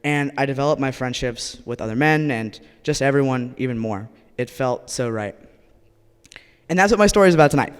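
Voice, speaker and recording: An earnest young man shares a personal story live, slipping in wry asides. His voice is smooth and clear at a middle pitch, with a long hall reverb behind every word. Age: young adult. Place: stage at a live event.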